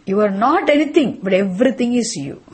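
Woman lecturing on scripture, very breathy airy voice, keeps asking "what now?" style questions. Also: fairly high pitch, animated, a little fast, a little mellow. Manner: question-and-answer teaching, repeats key phrases. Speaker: Vedanta teacher.

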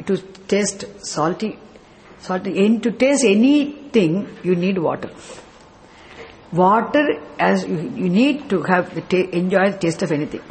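Man, scripture teacher, patient questioning lecture. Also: sits high. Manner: explains step by step with rhetorical questions; chants verses. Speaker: spiritual teacher.

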